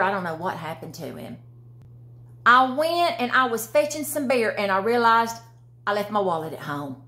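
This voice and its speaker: A woman's voice: mid-range voice, a bit bright. A woman playing a brash Southern woman with a Southern accent who explains slang in a comedic monologue, drawling and cursing freely. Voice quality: drawling, profane, sassy. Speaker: comedy character host.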